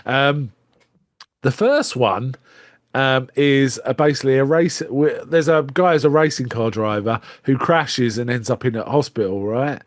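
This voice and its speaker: A man's voice: mid-range voice, unhurried, no echo, clean studio sound. A man co-hosting a podcast, casually retelling a film's plot and acting out its lines with little laughs. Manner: retells plots at length, acting out quoted lines and chuckling. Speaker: podcast co-host. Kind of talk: casual film discussion.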